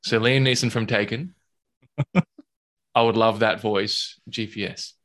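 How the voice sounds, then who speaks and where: A man's voice: fairly low pitch, fairly even intonation, unhurried, fairly bright tone. A man hosting a casual chat, joking and laughing often. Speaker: podcast host.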